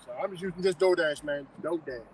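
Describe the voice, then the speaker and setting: A man's voice: fairly high pitch, fairly quick, a little hiss or hum, rough recording. A man who works as a delivery driver, chatting casually in slang and laughing often. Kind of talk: casual chat.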